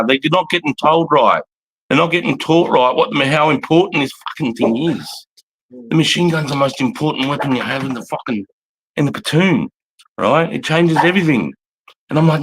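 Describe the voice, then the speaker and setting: A man's voice: a little high, brisk, a bit bright, a little hiss or hum. An Australian man, an army veteran, telling blunt, profane, rambling stories casually on a livestream.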